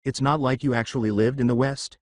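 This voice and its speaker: A man's voice: medium pitch, fairly even intonation, brisk, dry recording, natural voice. A man voicing a folksy cowboy gunslinger teacher who speaks in a challenging, playful way.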